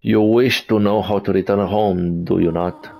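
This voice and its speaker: A man's voice: fairly low pitch, steady tone, normal speed, gravelly, mellow, rough recording. A man reading as a stern motherly monster. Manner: reading game text aloud plainly. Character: motherly monster woman, gentle turning stern.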